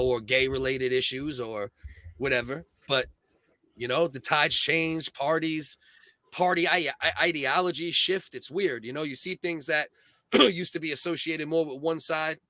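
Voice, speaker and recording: A man's voice: a little high, steady tone, normal speed, sharp tone, no echo. A man co-hosting a casual chat, earnest and rambling, with many restarts. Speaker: podcast co-host.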